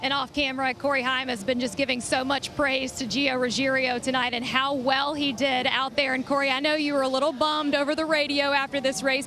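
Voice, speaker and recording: A woman's voice: sits high, pushed and bright. A woman pit reporter asking a driver friendly post-race questions.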